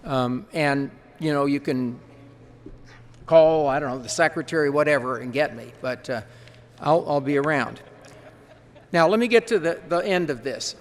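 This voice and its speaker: Guy with a fairly high voice walking delegates thru procedure rules, folksy and quick, big hall. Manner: folksy, quick-talking, explains rules with asides. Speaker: parliamentarian advising delegates. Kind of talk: procedural briefing to an assembly. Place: large conference hall.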